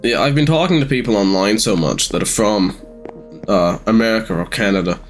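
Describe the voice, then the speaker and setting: An eighteen-year-old Australian man rambling through casual gameplay commentary with halting ums, sounding sleepy. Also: fairly low pitch, faint music behind. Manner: rambling, halting, many ums, sometimes swears. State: sleepy, yawning. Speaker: gamer streamer.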